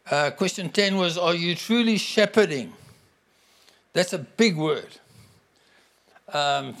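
A man's voice: high voice, fairly bright tone. A man preaching a conversational sermon, declaring scripture with emphasis.

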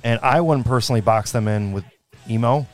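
A man in his thirties co-hosting a podcast, chatting in a rambling way and quick to laugh. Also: mid-range voice, faint music behind. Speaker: podcast co-host. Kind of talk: casual chat.

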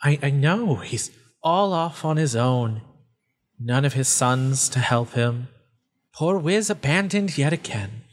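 A man's voice: medium pitch, animated, slow. A man voicing a sinister, disembodied female voice that mocks and gloats over others' pain in a tabletop game. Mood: gloating. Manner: taunting, relishing others' pain. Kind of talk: tabletop role-play voice acting.

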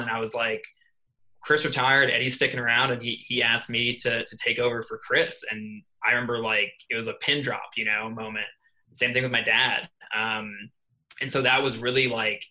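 Very bright-voiced young man telling a story. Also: medium pitch, low-quality recording. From New York. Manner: animated, acts out quoted dialogue. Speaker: assistant swim coach, guest. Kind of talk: casual interview storytelling. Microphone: podcast microphone.

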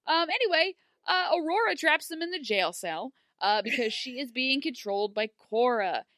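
A woman's voice: high-pitched, normal speed, no room sound, clean studio sound. A woman chatting casually as a podcast co-host, recapping a TV episode and acting out the characters' lines. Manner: animated, acts out characters' lines.

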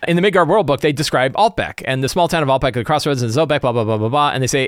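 A man hosting a podcast, talking casually and loosely about running a tabletop campaign, with frequent quick asides. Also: medium pitch, smooth, no room sound, studio quality. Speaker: podcast host and game master.

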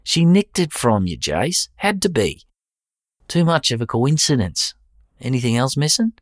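A man's voice: mid-range voice, sing-song, a little slow, no echo, studio quality, pitched above the performer's own voice. A man voicing a blunt, mocking Australian mate with a casual habit of swearing, speaking in an Australian accent. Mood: probing. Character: blunt Aussie mate, middle-aged man.

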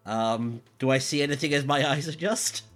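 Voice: mid-range voice, moderate pace, faint music behind. A player in a tabletop role-playing game who asks short, hesitant questions.

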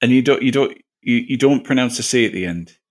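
A man's voice: mid-range voice, a little fast. A man hosting a casual sports chat podcast, joking and laughing, often tripping over his words. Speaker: podcast host.

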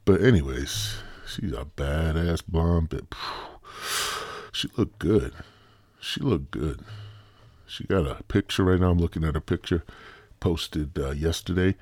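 A man's voice: extremely low pitch, unhurried, pauses often, a little mellow, no echo. A man hosting a solo podcast, rambling and joking with constant swearing, sounding a bit out of breath with stuffy sinuses. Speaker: podcast host. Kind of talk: solo casual podcast rant.

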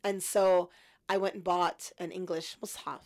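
Low gravelly-voiced woman storyteller. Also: a little slow. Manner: reflective, animated in quoted thoughts. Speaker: guest. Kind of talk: storytelling in an interview.

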